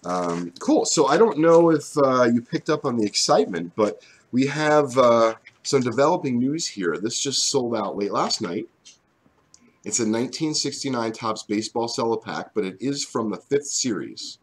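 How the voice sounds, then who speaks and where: A man coming down with a cold, his voice gone deep, chatting casually on a live stream as a co-host. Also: lively intonation, moderate pace, husky. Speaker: card break co-host.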